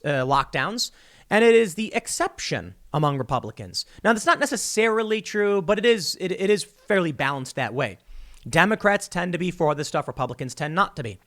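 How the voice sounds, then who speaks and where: Animated, sarcastic male political commentator. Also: on the high side. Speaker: podcast host.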